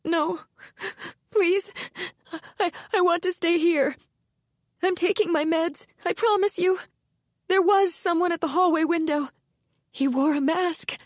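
A woman voicing a terrified, crying woman who pleads in a panicked, high, strained voice. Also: unhurried, no echo, studio quality. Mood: pleading. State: crying, hysterical. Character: terrified, sobbing woman cornered in her room.

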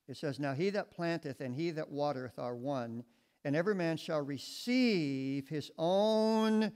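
Guy preaching at church, kinda high voice, keeps asking the crowd stuff, steps off the mic now and then. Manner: teaching with questions to the congregation. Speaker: pastor. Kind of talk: sermon. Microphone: mic he sometimes steps away from.

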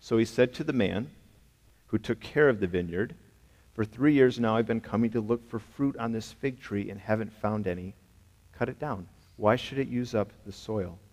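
A man's voice: on the low side, normal speed, darkish tone. A man preaching a sermon as a pastor, emphatic and conversational, often asking the congregation rhetorical questions. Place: church sanctuary. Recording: long hall reverb.

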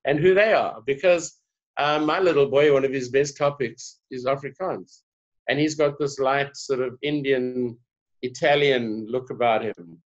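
A South African man speaking as a guest in a conversational interview, an animated storyteller. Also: medium pitch, unhurried. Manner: animated storyteller, laughs often. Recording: dull lo-fi sound.

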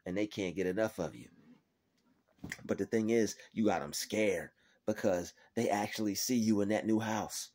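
A man's voice: fairly low pitch, moderate pace, a little mellow. A man giving a faith-based motivational pep talk to his viewers, emphatic and repetitive, swearing freely as he drives his points home.

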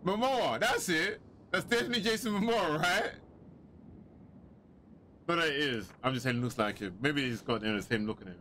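Chatty, excitable male game commentator, slightly high, bright tone. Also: normal speed, long pauses, a little hiss or hum. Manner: chatty, excitable, joking asides. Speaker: gaming commentator. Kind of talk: casual let's-play commentary.

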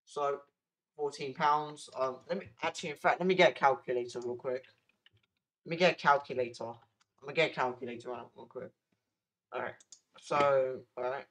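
A man's voice: mid-range voice, poor audio. A young man from the UK chatting casually on a live stream, rambling with restarts and sudden exclamations. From United Kingdom.

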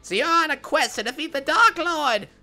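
A synthetic voice as a shrill, bright game villager. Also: female voice, expressive, normal speed, soft background music, full character voice. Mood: solemn. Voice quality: synthetic speech voice. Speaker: game character. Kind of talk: video game dialogue.

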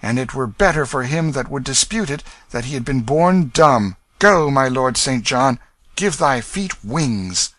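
A man's voice: medium pitch, unhurried, dry recording, voice pushed up. A man voicing a ragged, humble boy who pleads eagerly. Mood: excited. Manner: pleading, excited outbursts.

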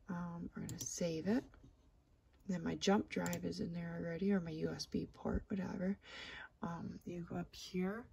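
A woman in her thirties casually walking through embroidery software at her home computer, hesitant and self-deprecating, with lots of ums. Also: on the low side, fairly even intonation, moderate pace, creaky, a little hiss or hum. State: has the hiccups. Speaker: crafter demonstrating software. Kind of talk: casual screen-recorded tutorial.

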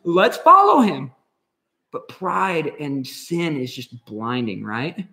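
Male pastor for a casual home Bible study, lively pitch, chatty and slangy. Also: takes it slowly, vocal fry, roomy sound. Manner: animated, conversational, slangy.

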